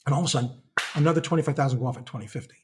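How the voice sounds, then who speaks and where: A middle-aged man who is a guest market analyst on a casual podcast interview. He explains things as an animated storyteller and acts out trading-desk dialogue. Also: medium pitch, rapid-fire, noisy background.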